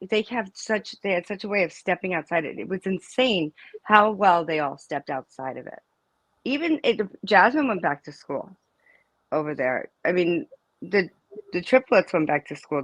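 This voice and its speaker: A woman's voice: fairly low pitch, no echo. A middle-aged woman speaking as an interview guest, a mother who talks in a rambling, emphatic way that trails off and restarts. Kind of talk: casual live interview chat.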